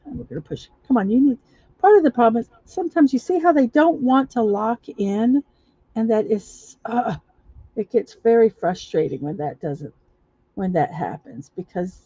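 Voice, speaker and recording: A woman hosting a casual livestream, talking viewers through a building-block project step by step, halting often with fillers and restarts. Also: fairly high pitch, animated, dark tone, husky, no room sound. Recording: dull lo-fi recording.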